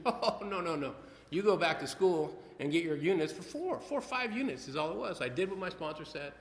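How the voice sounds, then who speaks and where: Guy with a high voice rambling through his recovery story, lots of restarts, roomy echoey hall. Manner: rambling, animated, with restarts and acted quotes. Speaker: speaker at a recovery meeting. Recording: echoey hall, long reverb.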